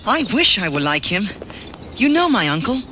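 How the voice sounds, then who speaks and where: A man's voice: high voice, normal speed, a little hiss or hum, full character voice, low-quality recording. An actor voicing an earnest teenage boy spy in a cartoon. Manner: earnest, lively.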